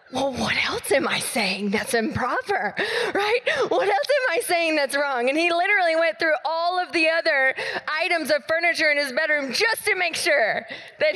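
A woman pastor, preaching a sermon and telling a story with playful, animated acted dialogue. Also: high-pitched, big-room sound.

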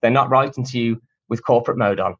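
A man's voice: medium pitch, fast, a bit bright. Chatty man on a dull lo-fi line. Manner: chatty, self-deprecating, cheeky humor. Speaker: guest, cold email marketer. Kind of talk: casual conversational interview answers.

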